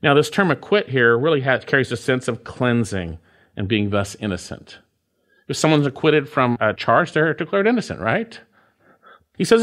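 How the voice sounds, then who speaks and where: A man's voice: medium pitch, very animated, brisk, fairly bright tone. A man preaching an expository sermon, explaining word meanings and repeating key phrases with emphatic stress. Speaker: pastor.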